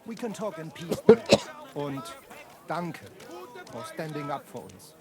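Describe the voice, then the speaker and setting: An actor playing a proud, hot-tempered German sword master in a video game, speaking English with a German accent and German words mixed in. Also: male voice, fairly high pitch, sing-song, unhurried, crowd noise. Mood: brisk.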